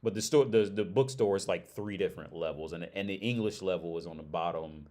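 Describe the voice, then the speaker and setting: In a casual livestream, a man based abroad in Prague addresses viewers with a low, brisk, somewhat dark-toned voice. He rambles and often restarts what he's saying.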